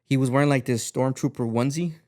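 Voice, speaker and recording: A man's voice: mid-range voice, steady tone, fast, a little mellow. A man, a podcast guest and music artist, telling a rambling story in a casual chat, full of fillers and swearing, acting out the lines he quotes.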